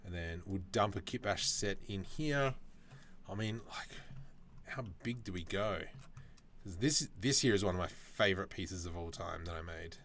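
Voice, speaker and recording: A man's voice: low-pitched, expressive, moderate pace, a bit bright, a little hiss or hum. A man chatting casually on a live stream while he works, reacting to viewer comments with jokes.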